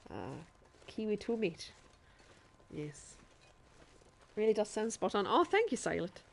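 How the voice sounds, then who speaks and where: A woman's voice: medium pitch, huge pitch swings, a little slow, gravelly. A woman streamer chatting to her viewers in a put-on Irish accent while she plays a game, often laughing as she talks. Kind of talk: live gameplay commentary.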